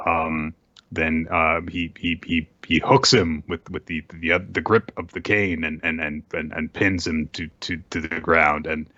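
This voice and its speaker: Low-voiced man recapping, halting. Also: bright, forceful tone, no room sound. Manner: halting, many fillers and restarts. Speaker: podcast co-host. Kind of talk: casual chapter recap. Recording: dull dry lo-fi recording.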